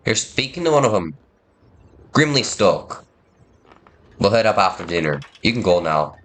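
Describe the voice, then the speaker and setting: A stern, red-bearded sailor , as a man puts him on, speaks in an attempted Irish accent, curt and dismissive. His voice sits a little higher than the man's low natural tone, with a faint hiss of noise behind it in a game playthrough. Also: sing-song, moderate pace, a bit bright.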